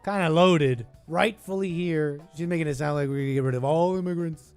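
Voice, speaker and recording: A man hosting a podcast, giving animated and sarcastic commentary as he reacts to a clip. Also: on the high side, brisk, clean tone, soft background music. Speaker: podcast host.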